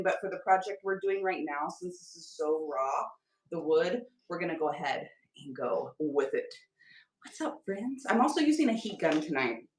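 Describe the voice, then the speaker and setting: A woman's voice: lowish voice, far from the mic. Chatty woman livestreaming from an echoey room. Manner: chatty, upbeat, talks to viewers while working. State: tired. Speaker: live-selling craft host. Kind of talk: casual livestream chat while painting.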